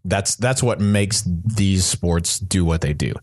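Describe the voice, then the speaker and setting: A man's voice: low-pitched, takes it slowly, a little mellow, no room sound, clean studio sound. A man co-hosting a podcast, answering listener questions in a rambling casual chat with many restarts. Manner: rambling, with frequent restarts and fillers. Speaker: podcast co-host.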